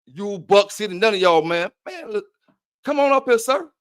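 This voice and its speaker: A man's voice: high voice, animated, normal speed, a bit bright, clear, resonant tone. A man hosting a livestream, taunting and cursing at a rival in heated trash talk. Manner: profane, taunting, challenging. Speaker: livestream host.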